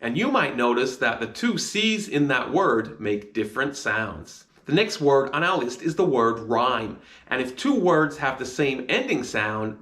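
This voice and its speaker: Slow, bright-voiced man teaching spelling. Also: mid-range voice. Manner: sounds out each letter slowly and clearly. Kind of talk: slow phonics spelling lesson.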